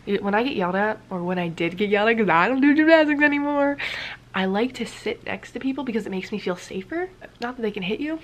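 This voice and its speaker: A woman's voice: mid-range voice, fast talker, hardly any pauses. A woman vlogger telling a casual story-time tale, rambling with many fillers and dipping into whispers now and then.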